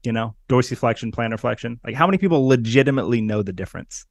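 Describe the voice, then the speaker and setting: Man, podcast host, casual interview, conversational, rephrases a lot, mid pitch, dry close mic. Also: lively intonation, quick pace, dry recording. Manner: conversational, rephrases, asks follow-up questions.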